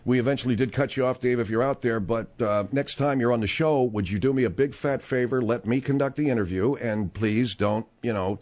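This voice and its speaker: A man's voice: mid-range voice, darkish tone. A man hosting a talk radio show, speaking in a blunt, conversational way.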